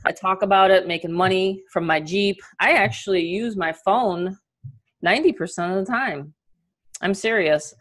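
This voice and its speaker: A middle-aged woman with a New York accent who leads a live online business training over a video call, talking in an energetic, chatty way and laughing often. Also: medium pitch, moderate pace.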